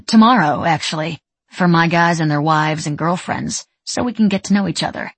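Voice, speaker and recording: A nervous young woman in military training, read by a woman narrator, with a low, husky voice. She speaks haltingly and self-consciously, recorded dry and close for a storybook. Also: no room sound. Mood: uneasy.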